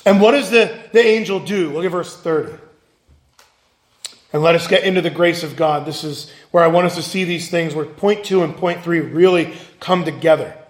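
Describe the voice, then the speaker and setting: A man's voice: a little high, moderate pace, roomy sound. A male pastor giving a sermon, earnest and emphatic, asking his listeners questions.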